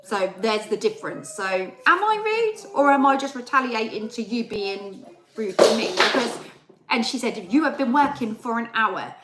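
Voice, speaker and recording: A young adult woman hosts a live stream and chats casually, acting out both sides of a quarrel. Her voice sits slightly high. The sound carries a noticeable room echo. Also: normal speed, heavy background noise. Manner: chatty, animated storytelling with re-enacted dialogue. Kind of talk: casual chat.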